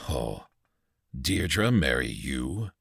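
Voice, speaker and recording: A man's voice: extremely low pitch, very animated, drawn-out words, creaky, fairly bright tone, husky, no room sound, clean studio sound, voice pushed down, full character voice. A man voicing a crude tribal father in a storybook, cackling and scornful toward his son. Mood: mocking. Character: mocking, crude tribal father, middle-aged.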